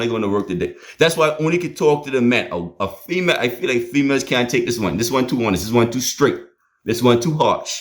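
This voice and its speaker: A man preaching a sermon, emphatic and storytelling, with repeated rallying phrases. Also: medium pitch.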